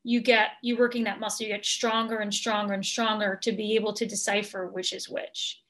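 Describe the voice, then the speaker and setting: A woman coach answering an interview question in a gentle, measured, earnest way, with many ums. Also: mid-range voice, little pitch movement.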